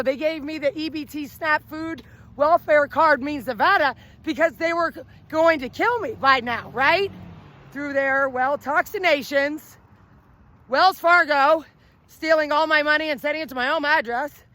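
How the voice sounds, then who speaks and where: A woman's voice: sits high, moderate pace, fairly bright tone. A woman livestreaming outdoors on a city street at night, talking into her phone in a flamboyant, rambling way and jumping from topic to topic.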